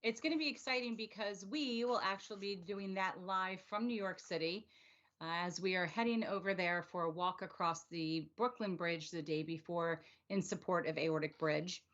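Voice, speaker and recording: An upbeat, chatty woman with a lowish voice co-hosts a casual online show. Her audio comes through dull and lo-fi. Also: normal speed, a bit bright. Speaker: co-host. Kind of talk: casual livestream chat. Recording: muffled low-fidelity stream audio.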